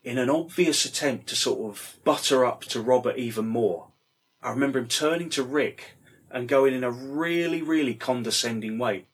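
A man's voice: mid-range voice, normal speed, breathy edge. A middle-aged man telling a rambling anecdote, casually swearing and full of fillers. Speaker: storyteller.

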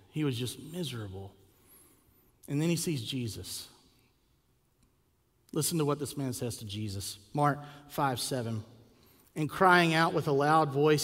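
A man preaching a sermon as a pastor, telling a story with lively acted quotes and rhetorical questions. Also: a little high. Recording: long hall reverb.

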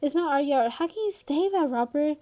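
A woman's voice: high-pitched, expressive, a little fast, mellow, pitched above the performer's own voice. A woman reading a novel aloud, voicing a strained mother who speaks insistently. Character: frustrated, strained middle-aged mother.

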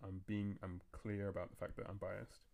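A man hosts a casual podcast chat, his voice low and gravelly with a flat, even pitch. He talks fast and rambles, breaking off and restarting his thoughts as he goes. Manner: fast, rambling, self-interrupting talk. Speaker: podcast host.

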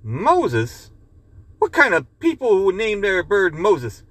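A man's voice: sits high, wildly swooping pitch, slow pace, a bit bright, no echo, pitched above the performer's own voice, heavily acted. A man voicing a startled male burglar in a joke he reads aloud, asking jumpy, hissed questions.

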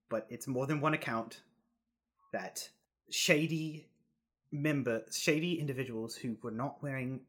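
Bright-voiced man running a game. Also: medium pitch. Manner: laughs often, playful. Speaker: game master. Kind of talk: narrating a tabletop game.

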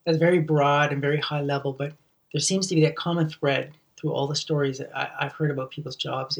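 A man's voice: fairly high pitch, vocal fry, recorded from a distance. A man hosting a solo podcast, talking earnestly and often repeating words as he restarts sentences. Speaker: podcast host.

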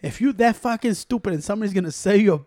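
Fast-talking high-voiced man ranting. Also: warm tone, no echo, studio quality. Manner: rapid Spanglish code-switching, profane, heated ranting. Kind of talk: casual chat.

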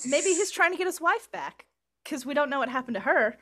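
Giggly woman co-host, lively voice. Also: high voice, brisk. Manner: chatty, giggly, joking. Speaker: podcast co-host. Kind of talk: casual chat.

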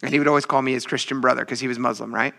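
A man's voice: medium pitch, steady tone, racing, vocal fry, sharp tone. A man preaching a casual sermon in a chatty, teasing, self-mocking way. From military veteran. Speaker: pastor.

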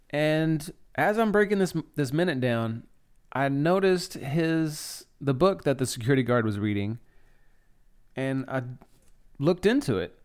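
Smooth-voiced chatty man recapping a film. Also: medium pitch, darkish tone. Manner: chatty and enthusiastic, swears freely. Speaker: podcast host. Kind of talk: casual scene-by-scene film recap.

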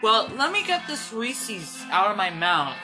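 A woman's voice: medium pitch, very animated, measured pace, over music. A woman hosting a casual podcast, dry and sarcastic, trailing off into fillers as she thinks. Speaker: podcast host. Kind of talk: casual chat.

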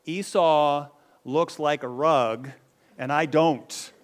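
A man's voice: on the high side, takes it slowly. A man doing worried young Jacob. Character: anxious young man Jacob fearing discovery.

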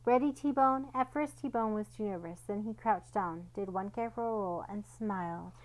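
A woman reads a children's picture book aloud at a middle pitch. Her delivery is gentle and storytelling, and she gives each character a light voice of its own. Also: moderate pace, rough recording. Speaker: storybook reader.

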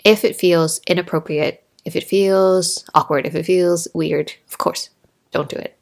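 A woman in her thirties hosting a solo podcast, talking in a chatty, animated way and acting out little quotes as she tells stories. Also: lowish voice, a little slow, vocal fry. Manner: chatty, animated storytelling with laughs and acted-out quotes. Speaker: podcast host. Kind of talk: casual solo podcast monologue. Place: Norway.

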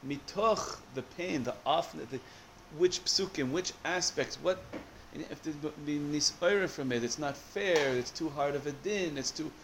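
Guy giving a torah class, kinda high voice, lots of restarts, a little hiss in the background. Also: a little slow, hardly any pauses. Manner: animated, searching for words with many restarts. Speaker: Torah teacher.

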